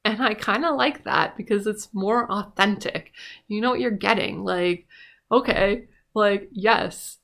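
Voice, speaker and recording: A woman's voice: medium pitch, a little slow, gravelly, a bit bright. A woman vlogging in a rambling, profane, casual monologue with lots of filler words.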